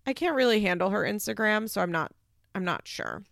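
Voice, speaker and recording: Chatty woman with a gravelly edge. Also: medium pitch, expressive, a little fast, fairly bright tone, dry recording. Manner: chatty, swearing, frequent "like" fillers and laughs. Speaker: podcast host recapping a reality show. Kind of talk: casual chat. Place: at home.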